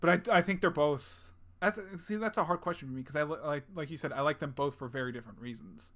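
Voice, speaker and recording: A man's voice: a little high, quick pace, a bit bright. A man co-hosting a gaming podcast in casual chat, rambling with lots of fillers and crude jokes. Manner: rambling, filler-heavy, crude jokey banter. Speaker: podcast co-host.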